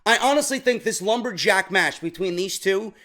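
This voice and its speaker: Opinionated male wrestling-show host with a high-pitched voice, blunt and fed up. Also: expressive, moderate pace, bright, forceful tone. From New York. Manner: blunt, exasperated, ranting.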